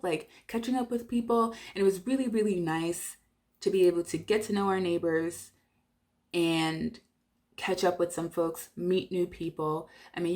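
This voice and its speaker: A young woman talks to her camera at home in an easygoing vlog, her voice sitting on the lower side. She rambles loosely, full of "like" and restarts. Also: a little mellow. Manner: chatty, many "like" fillers. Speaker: vlogger. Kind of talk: casual vlog chat. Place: at home indoors.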